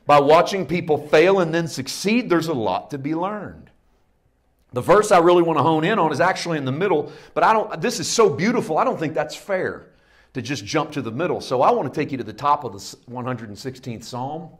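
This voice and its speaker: A middle-aged man preaching a sermon, dropping into hushed low asides and rising to loud emphatic peaks. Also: expressive, fairly quick. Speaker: pastor.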